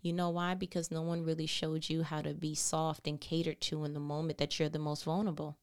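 A woman's voice: low-pitched, flat delivery, brisk, darkish tone, clean tone. A woman hosting a faith-based motivational talk, earnest and encouraging, asking rhetorical questions. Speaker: host.

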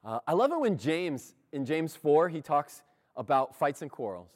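Animated, lively male church preacher. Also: fairly high pitch, moderate pace. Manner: animated, conversational, laughs often. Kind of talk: sermon.

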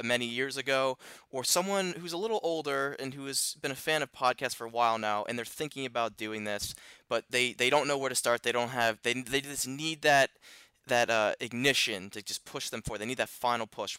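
A man's voice: mid-range voice, bright, forceful tone, clear, resonant tone, no room sound. A man hosting a podcast interview, enthusiastic and loose, often restarting his sentences. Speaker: podcast host. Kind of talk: casual interview.

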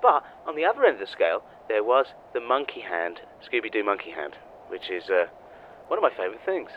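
A man's voice: lowish voice, big pitch swings, brisk, narrow, tinny audio, a little hiss or hum. A man co-hosting a comedy podcast, wry and rambling, swearing freely. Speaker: co-host.

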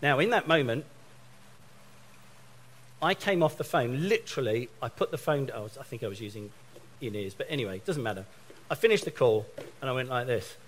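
A man's voice: mid-range voice, lively intonation, fairly quick, a bit bright. A middle-aged man from England preaching a sermon, telling a story and acting out both sides of his phone calls.

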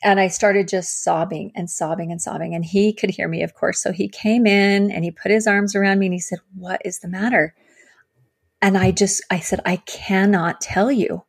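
A woman sharing her personal story as an interview guest, earnest and halting, with many fillers and restarts. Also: mid-range voice, steady tone, vocal fry, husky. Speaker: guest, survivor advocate.

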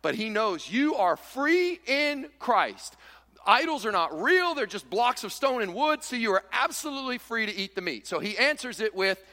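A high, lively male voice preaching with bright energy, swinging up and down as he plays out the voices of arguing church members. His words ring with a long reverb, as in a big church hall. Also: normal speed. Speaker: pastor. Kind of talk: sermon.

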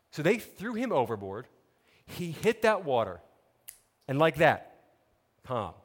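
A man preaching a sermon, telling a story with lively, conversational asides to his listeners. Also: mid-range voice, in a large hall. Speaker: pastor.

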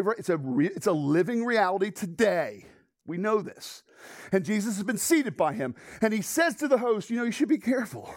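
Man preaching, high lively voice that jumps all over, dry close sound. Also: dry recording. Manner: animated, swings between loud exclamations and hushed low asides; frequent restarts and laughs while telling stories. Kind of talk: sermon.

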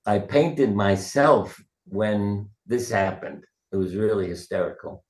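Older guy, retired surgeon, low voice, rambly stories in an echoey room. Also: lively intonation, slow pace. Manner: rambling, anecdotal, acts out quotes. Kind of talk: casual interview storytelling. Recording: roomy echo.

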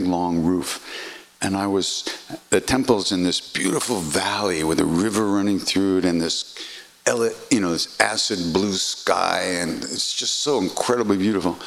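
An older man telling a personal story in an animated way, acting out voices and swearing freely. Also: low voice, moderate pace, vocal fry. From United States. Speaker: podcast host.

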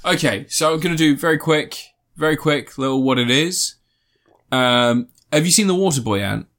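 A man's voice: fairly high pitch, moderate pace, fairly bright tone. A man co-hosting a casual comedy podcast, talking in a sarcastic, sweary, mock-earnest way. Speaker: podcast co-host.

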